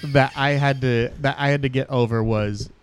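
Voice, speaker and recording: A man's voice: medium pitch, steady tone, moderate pace, slight background noise. A man co-hosting a podcast in casual chat, rambling and correcting himself as he goes. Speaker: podcast co-host.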